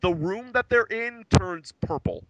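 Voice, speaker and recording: A man's voice: sits high, expressive, measured pace, dry recording, lo-fi sound. A man co-hosting a casual wrestling recap podcast, crude and joking, mocking what he recaps. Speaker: podcast co-host.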